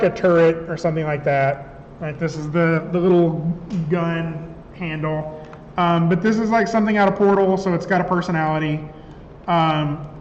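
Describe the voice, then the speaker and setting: A man instructor giving a conversational classroom software lecture, checking in with his students as he works. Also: high voice, slight background noise. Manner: conversational, checks in with "right?" often. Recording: roomy classroom, dull lo-fi sound.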